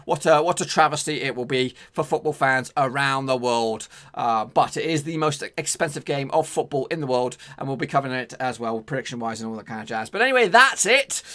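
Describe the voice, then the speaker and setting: A man's voice: mid-range voice, lively intonation, a little fast, hardly any pauses, sharp tone. A man hosting a casual football predictions show, chatty and rambling with many fillers and restarts. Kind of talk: casual football betting preview.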